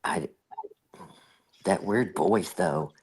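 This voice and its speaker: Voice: deep voice, very slow, darkish tone, breathy edge. A host giving casual, rambling, exasperated reaction commentary on a clip.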